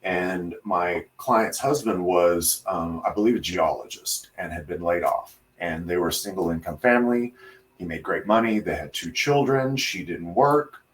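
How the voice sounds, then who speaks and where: A man, a hairdresser co-hosting a podcast, tells a story in a relaxed way with many pauses and fillers. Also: low-pitched, far from the mic. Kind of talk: casual podcast chat.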